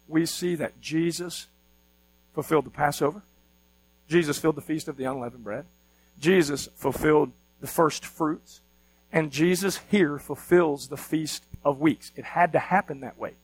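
A man's voice: on the high side, normal speed, low-quality recording. A man preaching a sermon as pastor, teaching with energy and often asking the congregation questions.

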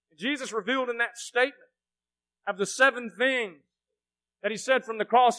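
Male pastor, bright and forceful tone; preaches with big swings from quiet to shouting, questions the congregation. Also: high-pitched, low-quality recording. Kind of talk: sermon.

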